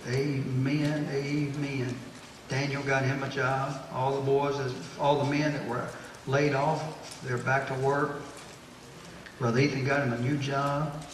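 A man, a pastor preaching a sermon to his church group, exhorting and repeating phrases as he builds to loud, emphatic bursts. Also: medium pitch, flat delivery, slow, slight background noise. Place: church hall. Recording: echoey hall, distant mic.

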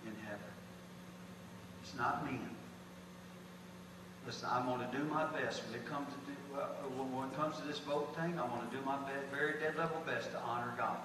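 A man, preaching a folksy sermon as pastor with emphatic bursts. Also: medium pitch. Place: church sanctuary. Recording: echoey hall from far off, noisy.

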